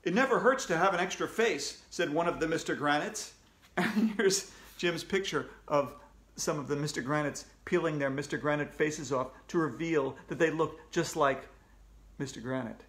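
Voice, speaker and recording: A man with a fairly high voice reads a children's story aloud, playful and animated as he goes. The sound bounces around a roomy, echoey space. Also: moderate pace. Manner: animated, raises pitch for character voices. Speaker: children's author reading aloud. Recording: echoey room.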